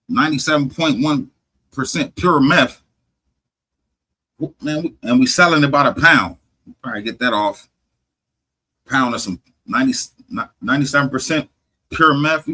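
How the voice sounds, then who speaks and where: A man with a bright, slightly husky voice tells a story over a casual podcast chat. He swears constantly, trips over himself and restarts sentences, all in loose animated talk. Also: medium pitch, poor audio. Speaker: podcast host.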